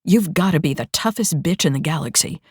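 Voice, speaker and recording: A man's voice: a little high, expressive, fairly quick, slightly rough, dry recording, clean studio sound. A woman reading an audiobook, voicing a cruel male dictator who speaks in a smug, taunting way. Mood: smug menace.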